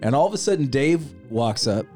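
A man's voice: medium pitch, brisk, soft background music. A man telling a story in casual podcast chat, acting out quoted lines and swearing casually. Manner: animated, acts out quoted voices, swears casually.

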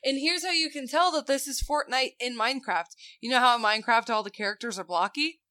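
A woman in her thirties chatting on a podcast, an animated storyteller who laughs through her punchlines. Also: high-pitched, brisk. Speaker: co-host telling family stories. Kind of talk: casual podcast chat.

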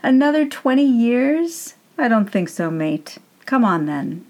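A woman voicing a grumpy, deadpan Death. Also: on the low side, a little slow. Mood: dry. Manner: blunt, grudging bargainer. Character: weary, dry-witted male Death in a sackcloth robe.

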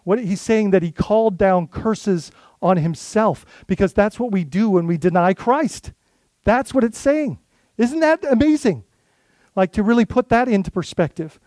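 A man's voice: high voice, animated, normal speed, a little mellow, no room sound. A male lead pastor preaching a sermon in a conversational way, full of rhetorical questions and restarts.

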